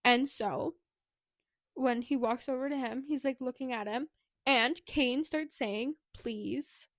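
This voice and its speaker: A woman's voice: high voice, unhurried, dry recording, clean studio sound. A woman co-hosting a podcast, casually retelling a book's plot in a chatty way, with plenty of "like" and "anyway". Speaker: podcast co-host. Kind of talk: casual book recap.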